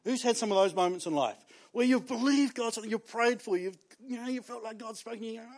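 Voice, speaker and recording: A New man in his thirties preaching to his church. He tells stories with animation and laughs often, and his voice sits high for a man. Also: fast talker. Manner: animated storytelling, laughs often, restarts words. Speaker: pastor. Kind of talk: sermon.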